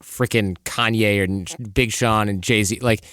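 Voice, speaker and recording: A man's voice: fairly low pitch, steady tone, slow pace, fairly bright tone, dry recording, studio quality. A man from Michigan chatting casually on a podcast, with lots of "like" fillers.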